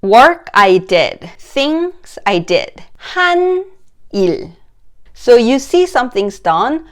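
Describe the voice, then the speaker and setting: A woman teaching a grammar lesson, explaining slowly in English and reading example sentences quickly. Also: fairly high pitch, very animated. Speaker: Korean language teacher.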